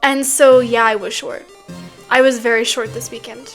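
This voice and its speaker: A woman's voice: a little high, fairly even intonation, moderate pace, faint music behind. A woman streamer chatting casually with her chat, giggling often and talking loosely with plenty of fillers. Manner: giggly, laughs often between sentences.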